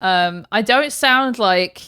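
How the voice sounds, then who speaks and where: A woman's voice: medium pitch, takes it slowly, sharp tone, clean tone. A woman with an English accent co-hosting a podcast, chatting casually, joking and swearing freely. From England. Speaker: podcast co-host.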